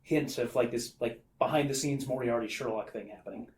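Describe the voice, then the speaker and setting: A man's voice: mid-range voice, brisk, darkish tone. A man on a casual comedy podcast, reading passages aloud and mocking them with playful put-on voices. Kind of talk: casual comedic book discussion.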